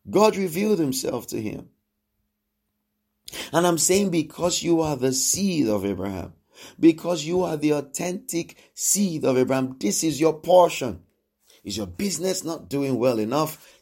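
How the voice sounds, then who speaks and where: A man with a voice on the high side preaches animatedly at a moderate pace. He's emphatic and repeats phrases, asks the congregation questions, and acts out quoted speech with sudden swings in loudness.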